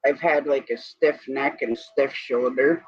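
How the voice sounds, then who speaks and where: A man hosting a relaxed livestream chat, wandering from one everyday topic to the next. His voice sits at an ordinary middle pitch. The sound is dull and lo-fi, like stream audio. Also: measured pace, breathy edge. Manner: rambling, chatty, drifts between topics. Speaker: livestream host. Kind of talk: casual evening chat.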